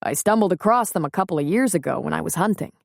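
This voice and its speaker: A woman voicing a calm, plainspoken small-town man in an audiobook reading, with steady, reassuring delivery. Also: on the low side, fast talker, gravelly, no room sound, studio quality.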